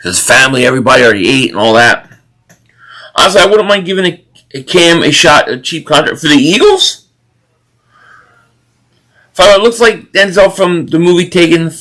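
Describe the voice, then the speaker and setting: High, bright-voiced man ranting about football. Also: moderate pace, long pauses. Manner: opinionated, animated sports rant with repeated restarts. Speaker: live stream host. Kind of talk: casual live stream chat, reading super chats.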